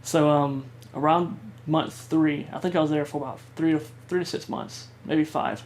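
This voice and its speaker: A man vlogger telling a personal story in a halting way, with many fillers and restarts. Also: on the high side, steady tone, slight background noise.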